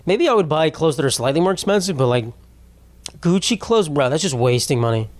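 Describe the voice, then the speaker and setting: A man's voice: a little high, animated, a little fast, no echo. A young man hosting a podcast, delivering a rambling, profane comedic monologue that keeps cutting itself off mid-thought. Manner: profane, rambling, self-interrupting. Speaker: podcast host.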